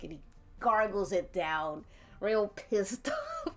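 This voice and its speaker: A woman's voice: mid-range voice, animated, a little slow. Giggly woman running a tabletop game. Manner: giggly, chatty. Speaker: game master. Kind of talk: narrating a tabletop game on stream.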